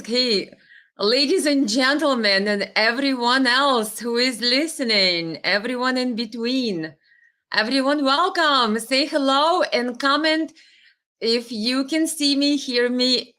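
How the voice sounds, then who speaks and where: A woman's voice: a little high, pushed and bright. A woman hosting a casual live stream, chatting with viewers and greeting them by name, sometimes stumbling over names.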